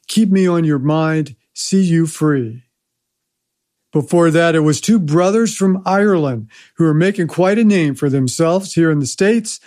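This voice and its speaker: Guy radio host reading back the set, fairly high voice, smooth steady announcer way. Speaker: radio music show host.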